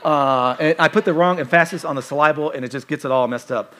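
Animated male pastor preaching. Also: a little high, fast talker. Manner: animated and conversational, with playful asides. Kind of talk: sermon.

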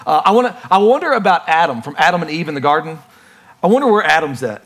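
Lively conversational male preacher. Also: a little high, fast. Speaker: pastor. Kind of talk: sermon.

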